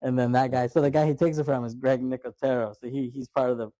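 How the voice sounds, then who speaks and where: A man hosting a casual movie podcast, retelling scenes with quick voice impressions and laughing often. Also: medium pitch, level tone, warm tone, no echo, rough recording. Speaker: podcast host.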